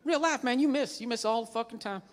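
A man's voice: very high-pitched, fast talker. A man voicing a folksy, self-assured redneck gun-store clerk who drawls and repeats himself. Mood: lecturing. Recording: stage recording in a big hall, faint noise.

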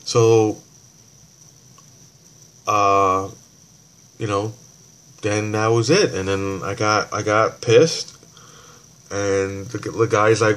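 A man's voice: fairly low pitch, level tone, drawn-out words, pauses often, fairly bright tone, smooth. A man ranting heatedly about a store, swearing and rambling, acting out both sides of phone calls. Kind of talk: casual rant.

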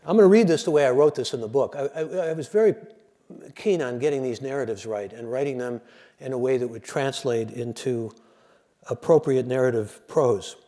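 A man's voice: medium pitch, brisk. An older man giving a lecture, telling jokes and acting out the voices in them. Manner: animated storyteller, acts out joke voices. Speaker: lecturer and radio host.

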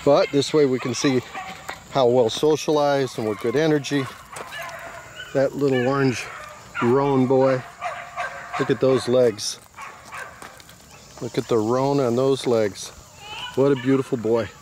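A man's voice: mid-range voice, fairly even intonation, measured pace, long pauses. A man who breeds dogs narrates casually while filming outdoors with a handheld camera, proudly commenting on the animals. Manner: proud, fond commentary on the puppies. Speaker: dog breeder. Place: outdoors in a yard by a quail coop. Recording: outdoor noise with crickets and insects.

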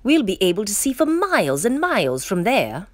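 A woman voicing a sleepy, timid baby gorilla who talks in a quick, squeaky way. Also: huge pitch swings, no room sound, studio quality. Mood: eager.

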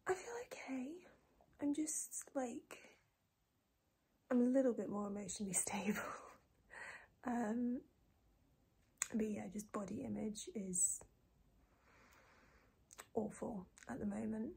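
Breathy, soft-spoken young woman vlogging. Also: on the high side. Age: 20s. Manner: soft, breathy and often close to a whisper, with many pauses and fillers. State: tearful, low and emotional. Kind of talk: casual personal video diary.

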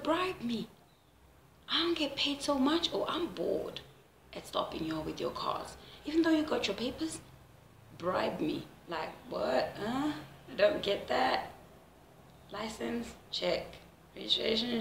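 A young South African woman with a South African accent, ranting to camera in a casual comedic vlog, animated and exasperated. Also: lowish voice, vocal fry, slight background noise. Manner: animated, exasperated, swears freely. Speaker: vlogger. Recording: echoey room with loud music behind.

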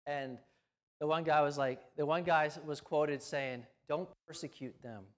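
A male pastor delivering a sermon, swinging between loud emphasis and hushed lines. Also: fairly high pitch, steady tone, measured pace. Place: church sanctuary.

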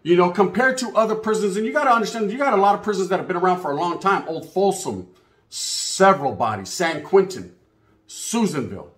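A man's voice: sits high, animated, fairly quick, fairly bright tone. A man telling stories in a casual monologue, heavy on street slang and swearing, acting out the voices of other people. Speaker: channel host. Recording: echoey room.

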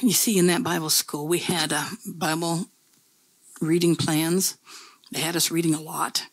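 Husky-voiced woman preaching conversationally. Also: sits low, little pitch movement, a little slow, no echo. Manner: conversational, folksy storytelling with repeated phrases. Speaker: pastor. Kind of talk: sermon.

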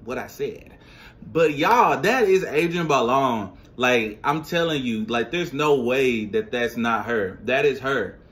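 Man, casual vlog, slangy, talks to viewers, lively swooping voice, unhurried. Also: medium pitch. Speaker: vlogger.

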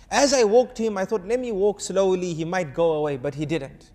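A man preaching to an audience, telling a story and acting out its dialogue with animated shifts of voice. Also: high voice, fairly quick, hardly any pauses, in a large hall. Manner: urges the audience to answer. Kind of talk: storytelling sermon.

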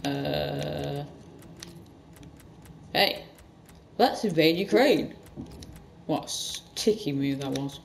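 A gaming channel host giving rambling let's-play commentary with sudden loud outbursts. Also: mid-range voice, extremely slow, gravelly, long pauses, slight background noise.

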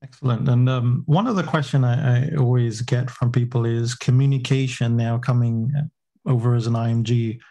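A man with an English accent hosts a panel discussion, pausing often on fillers and circling back on his words. His voice is gravelly and mellow, sitting at an ordinary pitch. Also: steady tone. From England. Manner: hesitant, many fillers and restarts. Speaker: panel moderator.

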